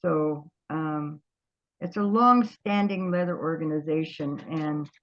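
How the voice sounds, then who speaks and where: An older woman, an interview guest, telling stories from her past in a lively way, often trailing off and starting over. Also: low voice, slow, highs cut off. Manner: lively storyteller, trails off and restarts. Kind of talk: storytelling reminiscence.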